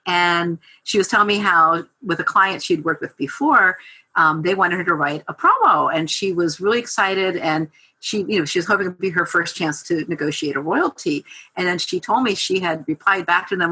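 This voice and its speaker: A woman's voice: lowish voice, a little fast, breathy edge, low-quality recording. A middle-aged woman talking casually as a podcast guest, telling stories with many fillers. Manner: chatty, animated storyteller with lots of fillers. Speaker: guest copywriter.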